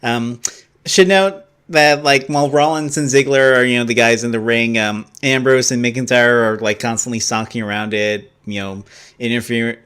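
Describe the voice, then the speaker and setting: A man's voice: mid-range voice, fairly even intonation, moderate pace, fairly bright tone, clean tone. A young man co-hosting a casual wrestling podcast, laughing easily and swearing casually. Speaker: podcast co-host.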